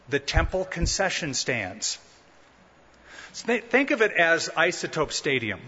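A man with a bright, slightly high voice preaches a sermon, explaining things conversationally and tossing in rhetorical questions and humorous asides. The recording is muffled and lo-fi, with a long reverb trailing through a large church sanctuary. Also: husky. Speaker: pastor. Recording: dull lo-fi sound with long hall reverb.

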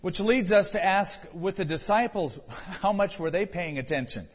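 A man's voice: sits high, expressive, moderate pace, husky, in a large hall, dull audio. A man, a pastor, preaching an earnest, conversational sermon.

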